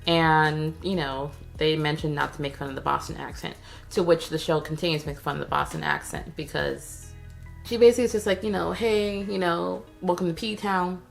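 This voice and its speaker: A woman's voice: low voice, a little fast, creaky, soft background music. A woman giving a casual, sarcastic recap of a TV episode, chatty and full of slang. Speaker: TV recap vlogger.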